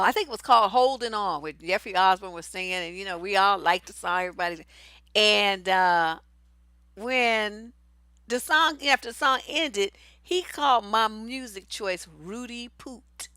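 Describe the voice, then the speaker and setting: A middle-aged woman, a relationship coach telling a personal story and giving advice in a blunt, profane, animated way. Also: mid-range voice, dry recording.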